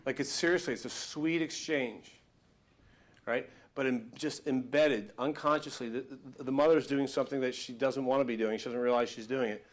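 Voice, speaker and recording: A man giving a live motivational workshop talk, telling stories in an animated, emphatic, conversational way. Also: medium pitch, normal speed. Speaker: motivational speaker.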